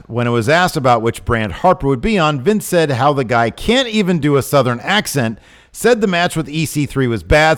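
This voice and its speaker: A man co-hosting a casual wrestling podcast, getting worked up and exasperated as he talks. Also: a little high. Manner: animated, gets worked up and exasperated. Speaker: podcast co-host.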